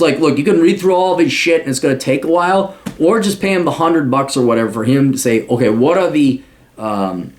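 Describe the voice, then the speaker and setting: A middle-aged man holds forth in a loose, rambling monologue, blunt and profane. His pitch sits in an ordinary middle range. He now and then leaps up into a shrill mocking voice to quote someone. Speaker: podcast host answering a listener request. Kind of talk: casual monologue.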